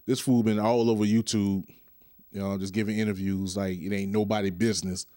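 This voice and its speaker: A man's voice: lowish voice, level tone, brisk, mellow, no room sound, clean studio sound. A young man hosting his own podcast in a loose, rambling way, joking with himself and his listeners. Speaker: podcast host. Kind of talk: casual solo podcast monologue.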